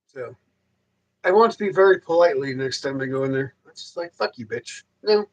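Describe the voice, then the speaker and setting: On a relaxed livestream captured in poor audio, the male host speaks in a fairly quick, animated, high-leaning voice. His loose, rambling rant is packed with curse words and frequent repetitions.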